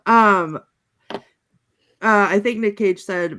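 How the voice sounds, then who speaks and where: Casual woman panelist, mid-height voice, chatty and halting with lots of ums and giggles. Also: mid-range voice, fairly bright tone, slight background noise. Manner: chatty, halting, reads out movie quotes with giggles and many ums. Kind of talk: casual chat.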